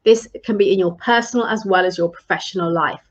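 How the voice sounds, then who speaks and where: A woman's voice: on the low side, fast talker. A woman leadership coach giving advice in a live-streamed talk, earnest and encouraging, with frequent ums and restarts.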